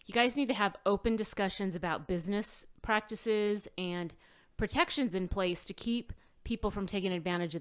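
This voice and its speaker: A woman's voice: fairly low pitch, clean tone. A woman co-hosting a casual podcast, talking in an earnest, chatty way with some hesitant fillers. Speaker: podcast co-host. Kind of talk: casual chat.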